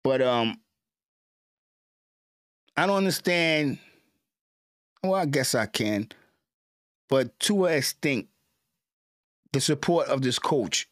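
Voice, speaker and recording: A man's voice: medium pitch, animated, slow pace, pauses often, dry recording, clean studio sound. A man giving an emotional, repetitive sports rant as a fan commentator, stammering at times.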